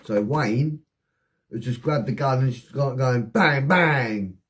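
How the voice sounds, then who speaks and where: A man telling a rambling, heavily sworn personal anecdote in a casual, animated way. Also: mid-range voice, a little slow. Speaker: storyteller.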